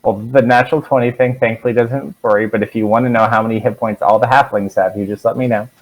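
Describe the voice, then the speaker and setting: A man narrating as dungeon master in a relaxed, rambling way, with lots of "um" and "like". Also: mid-range voice, fast, poor audio. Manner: relaxed, rambling, filler-heavy. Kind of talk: narrating a tabletop game.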